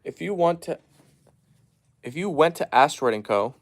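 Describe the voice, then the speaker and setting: A man casually chatting on a live stream at home, reading viewer comments aloud and softly hushing his dogs. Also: fairly high pitch, expressive, moderate pace. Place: at home, down in the basement.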